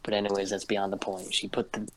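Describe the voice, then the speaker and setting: A man's voice: fairly low pitch, completely flat delivery, fast, fairly bright tone, slight background noise, poor audio. A man co-hosting a casual podcast, telling a long story in a rambling, profane way and checking in with "right?" after each beat. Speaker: podcast co-host. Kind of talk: casual chat.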